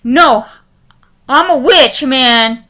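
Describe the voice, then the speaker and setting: High bright-voiced woman ranting furiously. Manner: furious, halting, with many restarts. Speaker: vlogger. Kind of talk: angry ranting vlog.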